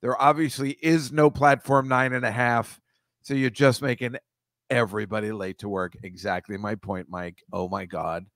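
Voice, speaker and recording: A man's voice: medium pitch, steady tone, normal speed, a bit bright, no room sound. A man hosting a comedy podcast, riffing casually with rambling, profane, sarcastic asides.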